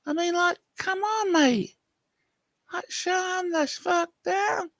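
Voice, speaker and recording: A man voicing a squeaky, exasperated man who mockingly and repeatedly tells someone to calm down, swearing as he goes. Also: slow pace, creaky, no echo, studio quality, heavily acted.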